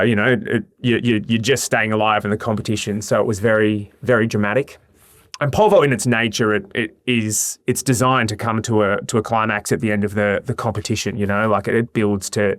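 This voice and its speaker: An Australian man in his forties, a podcast guest, telling animated stories in casual chat. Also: lowish voice, a little fast, no room sound, studio quality. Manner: animated storyteller, lively anecdotes.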